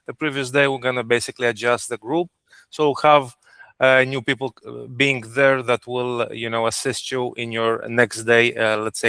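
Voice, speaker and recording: A trip planner speaking on a video call. His voice is forceful and crisp, recorded dry and close, and his delivery is earnest but full of hesitant fillers. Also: mid-range voice, dry recording.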